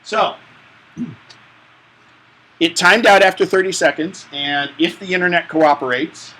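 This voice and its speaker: A man's voice: high-pitched, unhurried, bright, forceful tone, low-quality recording. A man teaching a live tech class, explaining step by step in a chatty, joking way. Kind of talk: hands-on tech class instruction.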